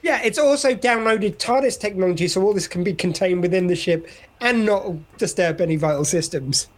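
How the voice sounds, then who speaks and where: A man's voice: high-pitched, a little fast. A man co-hosting a podcast, chatting casually and often laughing as he riffs. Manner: giggly, rambling jokes. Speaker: podcast co-host. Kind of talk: casual chat reviewing a TV episode.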